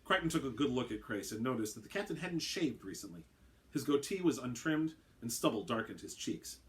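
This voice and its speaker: A man narrating his own story aloud in a brisk, wry way. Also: mid-range voice, animated.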